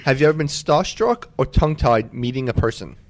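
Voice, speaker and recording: A man's voice: mid-range voice, expressive, a little fast. A man hosting a casual podcast interview in a bar, enthusiastic and casually swearing. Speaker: podcast host.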